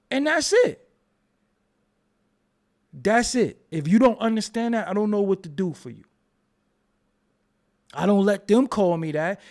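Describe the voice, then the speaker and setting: On his commentary channel, a young man rants in a blunt, repetitive way, cursing as he goes. His voice leans high and sounds a little mellow.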